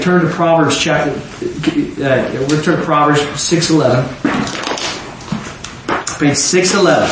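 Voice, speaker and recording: A man preaching a sermon as pastor, talking with the congregation and acting out scenes with sudden shouts. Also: on the high side. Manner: animated, acts out biblical scenes with shouts. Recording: echoey room with faint noise.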